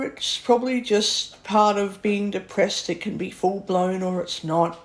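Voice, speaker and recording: A woman's voice: medium pitch, measured pace, hardly any pauses, a little mellow. A woman, ranting bluntly to camera in a vlog, swearing often and sounding exasperated. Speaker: vlogger.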